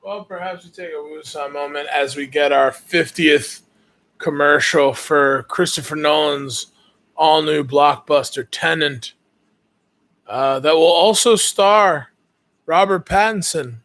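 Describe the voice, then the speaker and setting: A man co-hosting a live fight reaction show, commenting calmly and dryly. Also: a little high. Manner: calm, dry, measured commentary. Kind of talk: casual live reaction chat.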